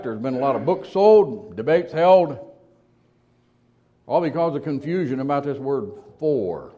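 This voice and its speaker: A man preaching a sermon, asking rhetorical questions and slowing down to stress key words, with quiet asides between louder emphatic points. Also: a little high.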